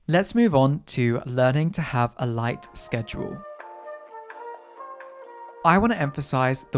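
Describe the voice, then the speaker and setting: A young British podcast host in their early twenties, chatting casually and playfully on a solo episode, with sassy asides. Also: mid-range voice.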